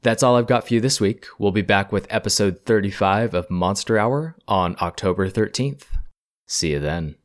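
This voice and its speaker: A man narrating as game master of a tabletop role-playing game, describing scenes in a calm, storytelling way. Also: fairly low pitch, normal speed.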